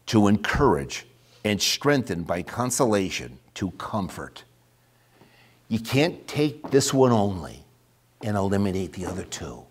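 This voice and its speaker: A man delivering a sermon from the pulpit, his pitch rising and falling in lively sweeps. He reads scripture out with loud emphasis, then drops to hushed, near-whispered asides for his listeners. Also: slightly rough. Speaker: preacher.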